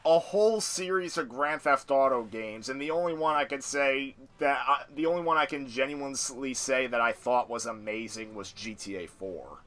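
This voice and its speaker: A man's voice: mid-range voice, moderate pace, hardly any pauses, a bit bright. A young man chatting casually, teasing his friend and laughing easily. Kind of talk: casual chat.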